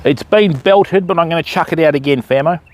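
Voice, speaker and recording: Brisk and a little mellow, this Australian man is live-streaming from the water's edge while fishing. He keeps up a chatty patter with viewers and breaks into a high, sing-song tone whenever he calls his dogs.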